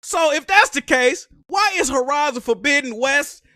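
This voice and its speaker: A game console event sets off this young streamer, whose very high voice carries an animated, exasperated, foul-mouthed rant at a moderate pace. The sound is clean studio audio without room sound.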